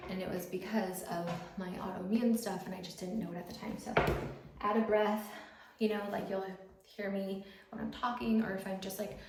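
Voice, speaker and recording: A YouTuber in her thirties chats casually while getting ready at home, her talk full of fillers. Her mid-range voice moves little in pitch and keeps a moderate pace, and the recording has a roomy echo with faint background noise.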